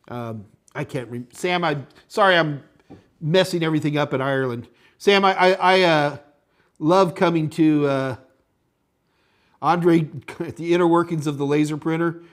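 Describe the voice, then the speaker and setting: Guy running a live tech q&a stream, rambly and chatty, kinda higher voice for a man. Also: moderate pace. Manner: rambling, reads viewer chat aloud, thinks out loud. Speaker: tech instructor and show host. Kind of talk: live-stream Q&A, casual chat.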